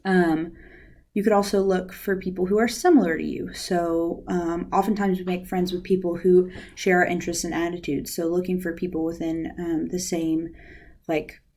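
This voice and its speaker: A woman's voice: fairly low pitch, moderate pace. A young woman working as a university outreach specialist, giving a casual guided lesson on counseling skills with many ums and likes. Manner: relaxed, uses many fillers like "um" and "like".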